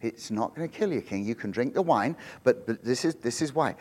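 A middle-aged male pastor preaching a sermon in church, telling the story with lively acted-out quotes and frequent restarts. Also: medium pitch, a little fast, slightly rough. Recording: long hall reverb.

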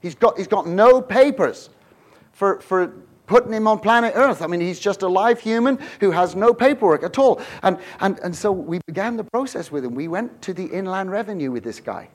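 Middle-aged male preacher, high-pitched, animated storyteller. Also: moderate pace. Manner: animated storytelling, swings from hushed to shouting. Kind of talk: sermon.

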